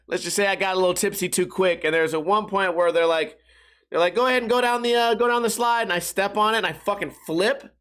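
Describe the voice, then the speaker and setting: The speaker is a young man hosting a podcast, with a high-pitched, smooth voice and a fairly bright tone. He spins casual stories in monologue form, heavy on swearing, often laughing at his own jokes.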